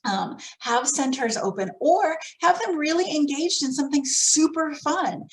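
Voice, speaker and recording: Woman with a higher voice giving teacher training. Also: animated, measured pace, rough recording. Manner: practical, conversational advice. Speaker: early childhood teacher trainer. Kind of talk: professional development talk.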